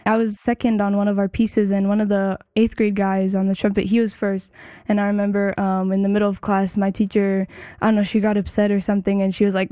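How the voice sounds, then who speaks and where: An eighteen-year-old woman, a trumpeter guest in an interview, speaking in a modest, soft-spoken way with fillers and laughs. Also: medium pitch, level tone, fairly quick, smooth, no room sound, studio quality. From Plano, Texas. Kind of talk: casual interview.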